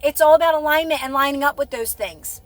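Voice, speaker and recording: A woman's voice: high-pitched, fast. A woman hosting a live stream, chatting casually and encouragingly with her viewers, rambling and restarting her sentences.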